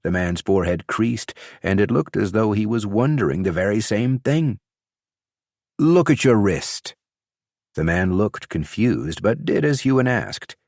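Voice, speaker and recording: A man reads an audiobook as scripted narration, telling the story in a measured, expressive way. His low-pitched voice is studio quality with no echo.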